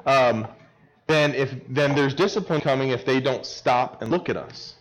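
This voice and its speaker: A man's voice: normal speed, poor audio. A man in his thirties preaching a sermon to kids at camp, playful and joking, rising sharply when he stresses a word. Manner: lively, climbs in pitch and loudness when stressing a word; playful and joking with a young audience. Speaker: camp speaker.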